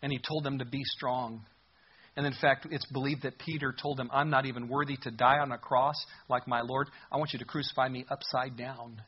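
A man preaching a sermon as pastor, expressive, rising loud for emphasis and dropping soft. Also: mid-range voice, fairly quick, husky, highs cut off.

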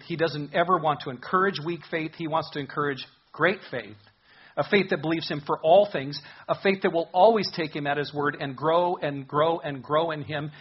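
A man's voice: fairly high pitch, breathy edge, highs cut off. A man preaching a sermon, earnestly explaining scripture verse by verse. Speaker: pastor.

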